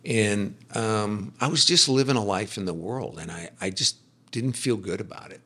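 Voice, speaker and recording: Man, middle-aged, podcast guest, faith testimony, forceful, animated storytelling. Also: fairly low pitch, moderate pace, breathy edge. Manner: animated storyteller, acts out quoted speech. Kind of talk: personal faith testimony in casual conversation.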